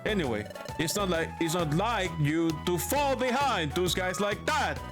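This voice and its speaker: A man voicing a proud male Pokemon explorer who blusters and bursts out with loud words. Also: high-pitched, animated, moderate pace, over music. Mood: blustering.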